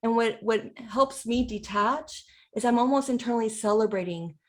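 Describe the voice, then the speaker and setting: A woman explaining calmly, slightly high. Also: normal speed. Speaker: educator and presenter. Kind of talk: casual presentation chat.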